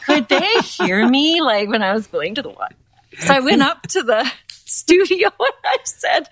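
An older woman speaks frankly and from the heart as an interview guest. Her voice sits at a middle pitch. It was recorded close up, in a dry room. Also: big pitch swings, a little slow, fairly bright tone, no echo. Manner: candid and heartfelt. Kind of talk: emotional interview.

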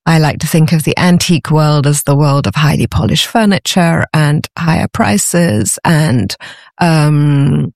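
A woman's voice: sits low, measured pace, vocal fry, darkish tone, dry recording, clean studio sound. A woman, a podcast guest, talking about her antiques business in an enthusiastic, conversational way and often restarting her phrases. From Britain. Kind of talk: conversational interview.

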